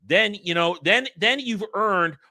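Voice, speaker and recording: A man co-hosting a casual podcast chat, talking in an animated, exasperated way with many restarts. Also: high-pitched, measured pace. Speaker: podcast co-host.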